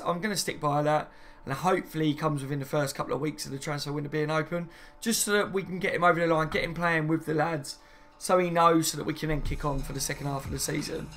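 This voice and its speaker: Gravelly man chatting on a live stream. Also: on the high side, a bit bright, a little hiss or hum. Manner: chatty, reads viewer comments aloud and answers them. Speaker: fan channel host. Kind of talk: casual live-stream chat.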